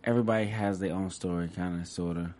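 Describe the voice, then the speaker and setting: A man's voice: sits low, steady tone, fast talker, a little mellow. A man on a studio chat panel, speaking casually and playfully and slipping into voice imitations.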